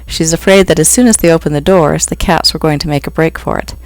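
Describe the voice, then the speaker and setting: An author reads a passage of a novel aloud at a steady, even pace. The voice has a gravelly texture, and the sound is dry and close with no room echo. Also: medium pitch, fast. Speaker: author reading own book. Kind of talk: audiobook reading.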